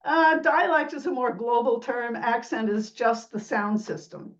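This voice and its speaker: A woman's voice: a little high, a little slow, far from the mic, highs cut off. A woman sociolinguist explaining speech sounds in an interview, imitating vowels and laughing lightly as she talks. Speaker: sociolinguist guest.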